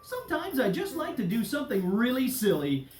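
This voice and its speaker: Bouncy and playful, a woman coaxes children through follow-the-leader while voicing a cheerful, friendly male candy game leader. Her a-little-high, darkish voice moves briskly with huge pitch swings. It's children's DVD game hosting, heard in a roomy echo with background music.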